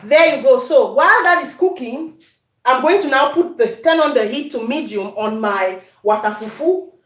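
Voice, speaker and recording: A woman's voice: sits high, expressive, normal speed, roomy sound, a little hiss or hum. A woman with a Cameroonian accent hosting a home cooking video, chatting to viewers and slipping into Pidgin as she demonstrates. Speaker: cooking channel host. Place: home kitchen.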